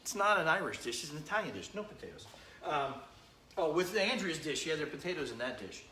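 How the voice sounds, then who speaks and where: A man's voice: a little high, sing-song, quick pace, sharp tone, echoey room, a little hiss or hum. A man hosting a live-streamed home cooking demo, chatting with viewers by name as he cooks in his kitchen. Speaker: home cooking show host.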